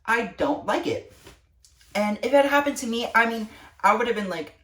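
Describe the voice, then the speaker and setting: A woman's voice: a little high, lively intonation, moderate pace, fairly bright tone. A teenage girl vlogging, ranting to camera with lots of swearing and exasperation. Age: teens. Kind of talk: casual rant to camera. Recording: echoey room, distant mic.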